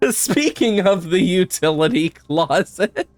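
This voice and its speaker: A man's voice: medium pitch, no room sound. A man streaming a puzzle game live, chatting to viewers, laughing often and swearing now and then. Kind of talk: live gameplay commentary.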